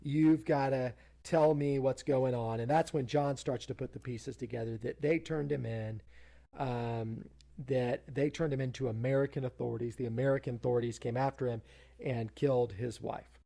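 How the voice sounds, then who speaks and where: A man's voice: medium pitch, steady tone, normal speed, vocal fry, mellow. A man co-hosting a podcast, recapping a TV episode in a casual, rambling way, full of fillers and self-interruptions. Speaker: podcast co-host.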